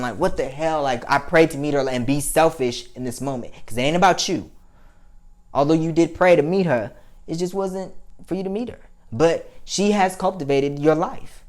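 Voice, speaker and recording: A young man talking to camera in a casual, rambling and profane vlog monologue, his voice climbing high when he gets worked up. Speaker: vlogger.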